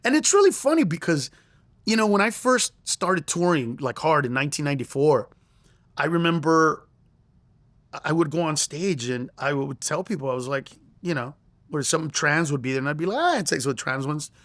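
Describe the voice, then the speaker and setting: Animated man telling a story. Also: fairly high pitch, moderate pace, no echo. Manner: acts out quoted lines in raised voice, laughs through story. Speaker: comedian guest.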